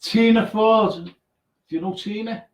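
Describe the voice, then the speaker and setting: Heard from a distance in an echoey room, a live radio host speaks in a high, steady, unhurried voice. He chats casually through listeners' names and messages, then moves into a ghost story marked by stammering restarts.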